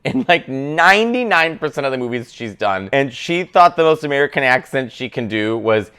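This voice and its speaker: A man's voice: mid-range voice, normal speed, clean tone. A man in his thirties giving casual comedic commentary on a video, with opinionated rants, tangents and swearing. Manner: animated, opinionated rants with frequent asides and swearing.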